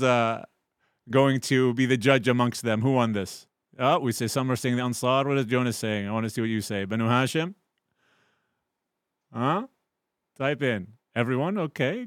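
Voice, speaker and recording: A man teaching an online religious class, telling a story and acting out the quoted voices with loud, lively bursts while he talks with his students. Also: mid-range voice, no echo, studio quality. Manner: animated, acts out quoted voices loudly. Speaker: Islamic teacher.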